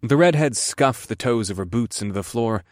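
A man's voice: medium pitch, expressive, normal speed, dry recording, studio quality. A man narrating a first-person audiobook in an amused storytelling manner.

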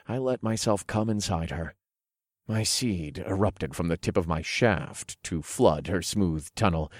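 A man narrating an erotic story in the first person, in a low, hushed, unhurried way, recorded close and dry. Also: dry recording.

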